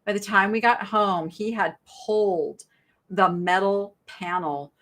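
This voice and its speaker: A middle-aged woman hosting a live online sale, chatting brightly with viewers and describing thrift finds. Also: medium pitch, unhurried. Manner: chatty, bubbly, reads viewer chat aloud. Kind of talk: live-stream sales chat.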